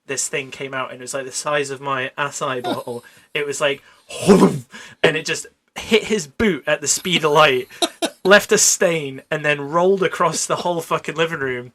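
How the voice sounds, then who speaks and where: A man with a bright, fairly high voice tells work stories in relaxed chat. He is animated and quick to laugh, and he swears freely. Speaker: paramedic guest. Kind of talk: casual storytelling chat.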